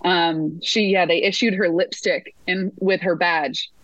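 A woman who works as a sports announcer, telling lively stories in a casual interview, full of fillers and restarts. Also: on the low side, a little slow, no room sound, muffled recording.

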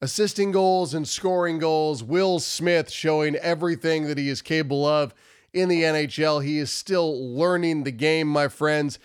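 A man's voice: a little high, fairly even intonation, normal speed, clean tone. Nasal-voiced man with a cold. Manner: emphatic, repetitive, stumbles over words. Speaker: hockey commentary host. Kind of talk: post-game analysis video.

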